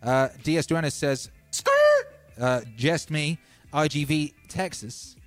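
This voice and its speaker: A man hosting a music livestream, reading out viewers' comments with playful deadpan asides. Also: a little high, slow. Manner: playful, deadpan asides, frequent ums and uhs.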